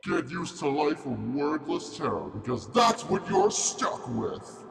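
Gravelly evil dark lord, slow drawling threats, swinging pitch, echoey game reverb. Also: male voice, huge pitch swings, soft background music, exaggerated voice. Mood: taunting. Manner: slow, theatrical, mocking. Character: gloating evil male dark lord villain. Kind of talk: video game voice acting.

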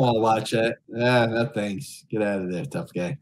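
A middle-aged man streaming crude pranks on strangers, bellowing loud high greetings and then muttering vulgar insults under his breath. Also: normal speed, hardly any pauses, slight background noise, rough recording. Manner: vulgar and mocking. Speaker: streamer chatting with strangers on a video chat site.

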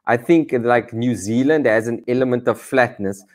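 A man with a Cape Town accent, a comedian guest chatting casually on a video call from a garage rooftop, animated and self-deprecating with many restarts. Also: medium pitch, moderate pace. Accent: Cape Town South African. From South Africa. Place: on top of a garage, outdoors.

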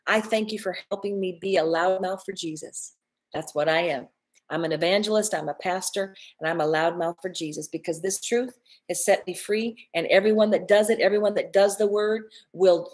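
Fervent husky woman preacher. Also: medium pitch, normal speed, a little mellow, poor audio. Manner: fervent, declaring, repetitive proclamations. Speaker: pastor and evangelist. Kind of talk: fervent sermon prayer to viewers. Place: church online broadcast.

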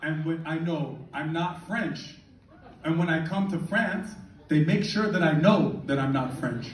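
High-voiced male comedian on stage. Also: unhurried. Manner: animated, mocking, laughs at own jokes. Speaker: stand-up comedian. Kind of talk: stand-up comedy. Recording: echoey live venue, distant mic.

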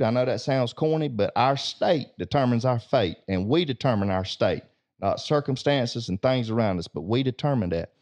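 A man's voice: mid-range voice, animated, moderate pace, darkish tone. A man tells a homespun tale as a discussion-show co-host. His manner is folksy and plainspoken, and he doubles back on his words on the way to the lesson. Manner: folksy, repeats words while building to a point. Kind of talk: folksy storytelling with a moral.

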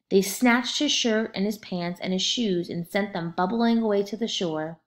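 A woman narrating a children's storybook aloud in a steady, expressive way. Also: mid-range voice.

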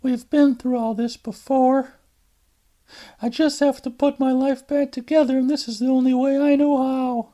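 A man voicing a weary young woman who is drained and exasperated, speaking in a strained falsetto. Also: little pitch movement, moderate pace, dark tone.

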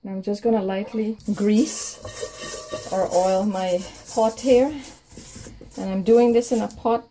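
A woman leads a home cooking lesson, explaining each step of the recipe with calm encouragement. Her voice is mellow and relaxed rather than bright. A faint background noise sits under her speech in a home kitchen. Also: medium pitch, slow, rough recording. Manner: warm step-by-step instructions with reassuring promises. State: out of breath from kneading. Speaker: home baking cook. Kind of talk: cooking tutorial narration.

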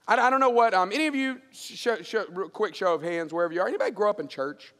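A middle-aged male pastor preaching a sermon, telling stories with lively acted-out dialogue. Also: quick pace. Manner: animated storyteller acting out dialogue in a lowered voice. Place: large church auditorium. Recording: long hall reverb.

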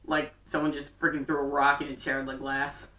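A woman chatting through a fan recap, rambling with plenty of fillers and quick bursts. Her voice is bright and a bit sharp. It sounds roomy and distant, as if the mic sits across the room. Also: low-pitched, flat delivery. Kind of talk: casual show recap.

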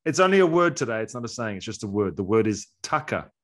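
A man's voice: fairly low pitch, very animated, fast. A man with an Australian accent co-hosting a podcast, bantering and teasing in casual chat. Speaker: podcast co-host.

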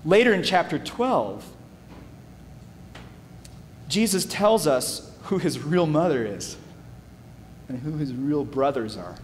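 A man teaching the Bible, reading verses aloud dramatically and dropping to quiet asides. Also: fairly high pitch, expressive, takes it slowly, long pauses. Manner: reads scripture aloud dramatically, acting out the speakers. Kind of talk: Bible study presentation. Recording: long reverb, faint background hum.

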